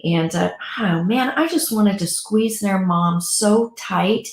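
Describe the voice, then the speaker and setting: A woman co-host talks with lively, gushing warmth, her voice sitting at a middle pitch. The sound carries a noticeable echo from the room around her. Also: unhurried, few pauses. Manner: warm, animated, gushing storyteller. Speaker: pet loss guide and co-host. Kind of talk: casual talk show chat.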